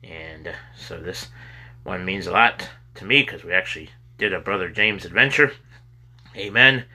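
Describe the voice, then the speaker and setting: A man reading a children's chapter book aloud with expressive delivery. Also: low-pitched, moderate pace. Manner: expressive reading with sudden loud cries for characters. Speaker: storybook reader. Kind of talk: children's story read aloud.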